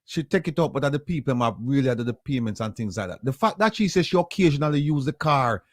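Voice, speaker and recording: A man's voice: medium pitch, sing-song, fast, no room sound. Jamaican host pushing his point hard, voice jumps around a lot, dry close sound. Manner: insistent, argumentative, directing. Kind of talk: casual chat.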